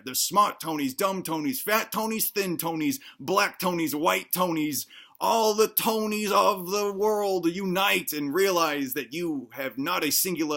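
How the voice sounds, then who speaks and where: A man's voice: on the high side, pushed and bright. A man playing a bumbling, self-assured cop who gives absurd advice, rambling and stammering in a mock-earnest way. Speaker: comedic self-help presenter. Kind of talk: deadpan comedy sketch.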